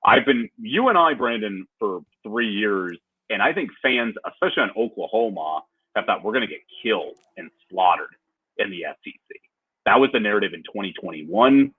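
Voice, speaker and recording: Husky-voiced man on a tinny line. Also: lowish voice, moderate pace, dry recording. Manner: animated, laughs easily, restarts often. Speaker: podcast co-host. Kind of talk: casual sports chat.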